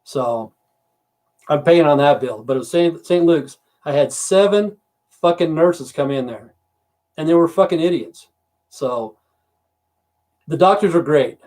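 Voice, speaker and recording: Chatting to viewers from home over a computer mic, this American livestream host in his fifties or sixties rambles bluntly and swears freely. His voice runs on the high side and a little mellow, animated but measured in pace, with long pauses.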